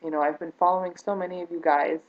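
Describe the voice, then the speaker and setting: Low-voiced woman vlogging, full of ums. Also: fairly even intonation, quick pace, lo-fi sound. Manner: hesitant, many fillers and restarts; earnest, close to tears. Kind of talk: personal vlog, talking to camera.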